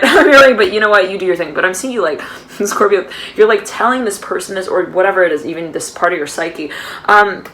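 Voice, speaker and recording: A woman's voice: mid-range voice, quick pace, a bit bright, a little hiss or hum, low-quality recording. A woman giving an intuitive tarot reading for a zodiac sign. She rambles and repeats herself, keeps saying she is hearing things, and uses a lot of fillers and laughs. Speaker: tarot card reader.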